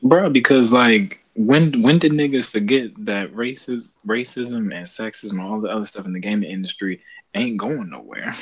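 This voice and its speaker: A man's voice: fairly low pitch, moderate pace, breathy edge. A man co-hosting a podcast, laid-back, joking and slangy in casual chat. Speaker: podcast co-host. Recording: muffled with faint noise.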